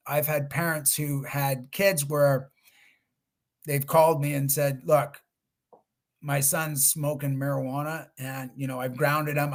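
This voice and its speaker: Middle-aged man telling a story on a webinar. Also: mid-range voice. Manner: conversational, restarts, acts out quotes. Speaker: guest speaker.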